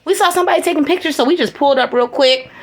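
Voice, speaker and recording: A woman's voice: high voice, rapid-fire. A woman from the United States narrating a casual travel vlog, chatty and playful, with slangy asides to her viewers. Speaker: travel vlogger.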